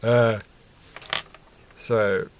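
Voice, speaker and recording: A man's voice: lowish voice, flat delivery, drawn-out words, slight background noise. A man chatting casually and rambling while building a Lego set, often chuckling and correcting himself.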